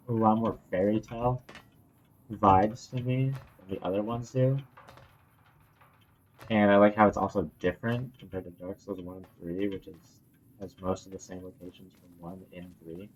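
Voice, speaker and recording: Young male co-host, low pitch, hushed and casual, slang-heavy. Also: steady tone, moderate pace, dull audio, a little hiss or hum. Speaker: podcast co-host. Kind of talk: casual chat.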